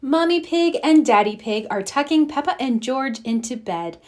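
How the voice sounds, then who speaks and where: A woman reading a children's picture book aloud, slow and expressive. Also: medium pitch. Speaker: storybook reader. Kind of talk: children's read-aloud narration.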